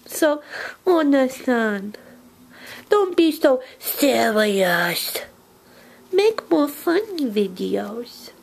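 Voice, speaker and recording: A woman voicing a creepy, childlike monster imaginary friend who lives under the bed. She talks in a slow, dreamy way that drifts into whispers. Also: high voice, sing-song, gravelly, exaggerated voice. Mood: eerie dreamy. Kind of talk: comic character monologue.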